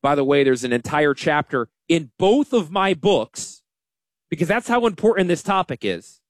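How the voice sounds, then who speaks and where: A man hosts a radio show, talking in a joking, self-deprecating way. His voice sits high and swings all over the place. The sound is dry and close. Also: very animated, moderate pace, no echo. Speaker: radio show host, financial advisor. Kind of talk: casual radio talk.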